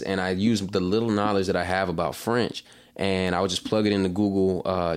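A man's voice: fairly low pitch, clear, resonant tone. A man chatting as a musician guest in an interview, loose and rambling, full of fillers like "like" and "you know". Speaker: singer-songwriter guest. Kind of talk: casual interview chat.

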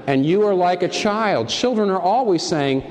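A man preaching a sermon with passion. He swings between high, emphatic peaks and soft, low asides, and he asks his listeners direct rhetorical questions. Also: lively intonation, normal speed. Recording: long reverb from a large hall.

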